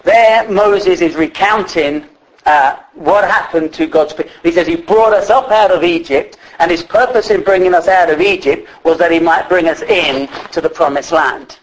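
A man's voice: fairly high pitch, moderate pace, rough recording. A man preaching a sermon in a conversational way, with many fillers and restarts.

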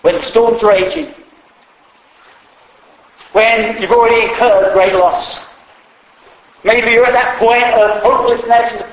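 A man's voice: very high-pitched, fairly even intonation, unhurried, pauses often. A man preaching a sermon in a humorous, conversational way, acting out quotes along the way. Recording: echoey hall.

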